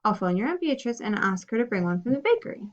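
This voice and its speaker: Woman reading a tired patient mom, calm, weary, storybook, muffled lo-fi sound. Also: a little high, fast talker. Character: tired, patient adult mother.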